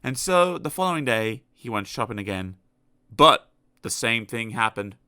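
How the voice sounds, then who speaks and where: A man narrating a children's storybook aloud in an expressive, animated storytelling manner. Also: medium pitch, normal speed, clear, resonant tone, no room sound, clean studio sound. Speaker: audiobook narrator.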